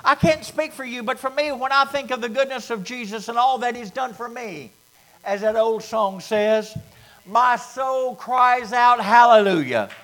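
A man preaching a sermon as pastor, dropping to near whispers and rising to loud, fervent bursts. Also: very high-pitched, moderate pace.

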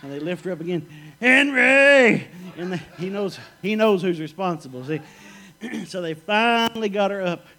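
A man's voice: high voice, brisk, poor audio. A middle-aged man preaching a sermon, telling stories in a folksy, joking way. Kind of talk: sermon with storytelling.

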